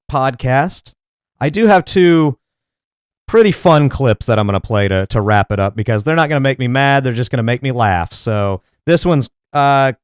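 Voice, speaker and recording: A man's voice: mid-range voice, clean tone, no room sound. A man hosting a commentary podcast, talking in a casual, sarcastic and mocking way. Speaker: podcast host and critic. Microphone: studio mic. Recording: dry close-mic sound.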